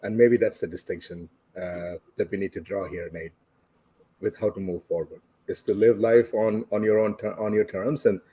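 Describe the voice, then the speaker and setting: A man's voice: lowish voice, steady tone, moderate pace, warm tone, slightly rough. A man from India, reflectively telling a personal story as a podcast guest and chuckling along the way. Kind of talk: casual storytelling.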